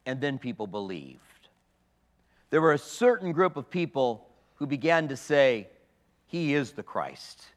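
A man's voice: a little high, a bit bright. A man preaching a sermon, reading scripture aloud and explaining it to his congregation. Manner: expository preaching with quoted scripture. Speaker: pastor. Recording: long reverb of a large hall.

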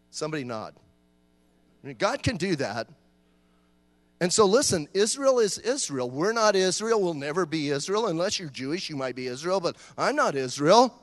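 A man preaching a sermon in an animated, joking way, acting out short voices and talking back and forth with the congregation. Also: sits high, no room sound, long reverb tail. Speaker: pastor.

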